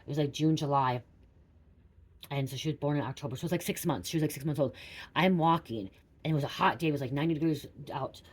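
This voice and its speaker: A woman's voice: sits low, quick pace, husky. A young woman tarot reader rambling through a personal story for her viewers, repeating herself and saying "like" a lot.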